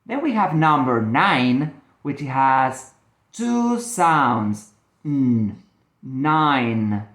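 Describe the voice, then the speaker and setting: Slow, lively man teaching children. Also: mid-range voice, roomy sound. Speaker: ESL teacher. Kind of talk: children's phonics lesson and storytelling.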